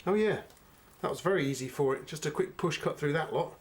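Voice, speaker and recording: A middle-aged man with a slightly raised voice reviews a knife in a relaxed, unhurried way. He keeps turning to his viewers with friendly asides. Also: on the high side. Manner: chatty, unhurried, addresses viewers as guys. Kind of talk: casual product review.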